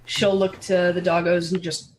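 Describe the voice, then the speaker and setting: Male player, high voice, dry and blunt, casual game-table talk. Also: a little fast, slight background noise. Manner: wry and blunt, swears freely.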